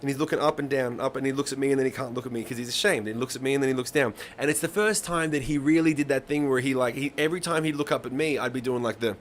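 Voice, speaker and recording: A man in his thirties hosts a live songwriting stream, chatting casually to his audience in an ordinary mid-pitched voice with a steady tone. He races through rambling stories with hardly any pauses, swearing freely and laughing along, while a faint room hum sits in the background.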